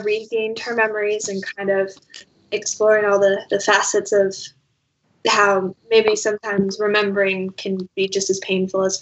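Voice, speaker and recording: A woman narrating a tabletop game as game master, slow and hesitant with many pauses, short on sleep. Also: medium pitch, a bit bright. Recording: dull lo-fi sound.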